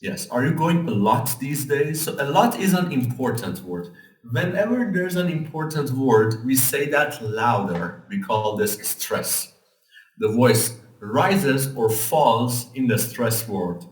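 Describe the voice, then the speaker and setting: A man's voice: mid-range voice, animated, takes it slowly, a little hiss or hum. Guy teaching english, patient step by step explaining, echoey room, sounds a bit far from the mic. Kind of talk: casual lesson explanation.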